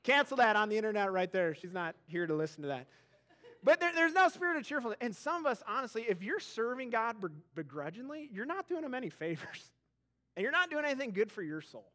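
High-voiced animated male pastor. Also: fast talker. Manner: animated storytelling with frequent repeated words. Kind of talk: sermon. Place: church auditorium.

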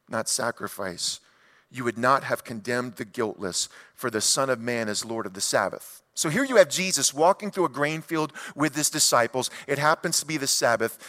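Emphatic preacher man in echoing hall. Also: fairly high pitch. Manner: animated, emphatic, folksy asides. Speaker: pastor. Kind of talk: expository sermon. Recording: long hall reverb.

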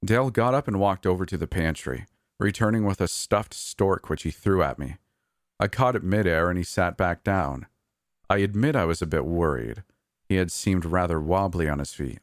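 A man reading a first-person horror story aloud in a calm, measured way. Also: low-pitched, dry recording, clean studio sound. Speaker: narrator.

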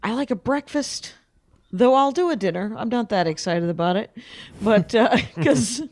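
A woman's voice: on the high side, moderate pace. A middle-aged woman, a comedian guest, telling chatty, wry stories with punchlines in a casual interview. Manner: chatty, wry, lively storyteller who tells stories with punchlines.

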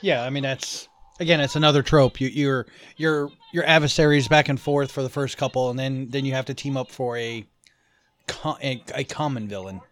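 A man's voice: mid-range voice, fairly even intonation, moderate pace, fairly bright tone. Matter-of-fact man on a movie podcast. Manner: dry, matter-of-fact, reads out trivia. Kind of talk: casual chat.

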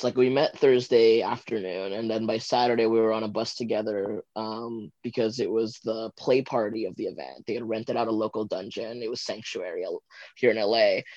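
A man's voice: medium pitch, no room sound. A man from Los Angeles as a podcast guest, telling a personal story in casual chat, rambling with lots of fillers and giggles. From Los Angeles, USA. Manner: chatty, rambling, many fillers like "like" and "um"; giggly, animated when retelling moments. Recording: dull, dry lo-fi recording.

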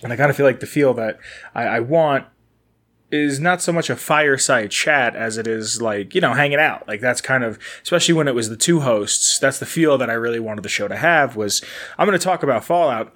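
A man's voice: medium pitch, a little fast, a bit bright. A man hosting a casual solo podcast, rambling and correcting himself as he talks. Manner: rambling, chatty, self-correcting, laughs easily. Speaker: podcast host. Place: indoors in a building he recently moved into. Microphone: camera and microphone setup.

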